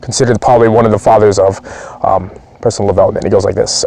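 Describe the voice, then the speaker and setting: A man's voice: on the low side, steady tone, fast, vocal fry, dark tone. A man speaking as a performance coach, giving a blunt, profane, pumped-up motivational training talk.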